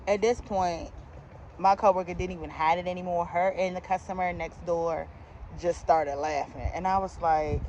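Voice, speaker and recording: A young adult woman telling a comedic storytime in a casual, slangy, animated way, laughing along as she goes. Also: medium pitch, unhurried, a little hiss or hum.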